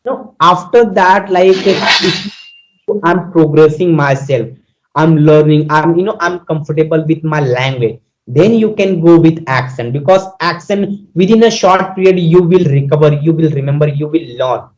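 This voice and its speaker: Indian English man, high voice, earnest casual chat, repetitive. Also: moderate pace, low-quality recording. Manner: earnest, repetitive, lots of fillers. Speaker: guest. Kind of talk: casual conversation about learning English.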